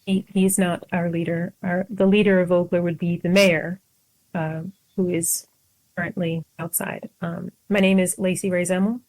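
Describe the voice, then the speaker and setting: A woman's voice: on the low side, level tone, moderate pace, darkish tone, poor audio. A woman player speaking in character in a tabletop game, sassy with hesitant fillers.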